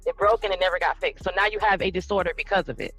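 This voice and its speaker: A woman's voice: lowish voice, rapid-fire, fairly bright tone, soft background music, poor audio. A woman in a casual live chat, talking bluntly and rambling with frequent restarts.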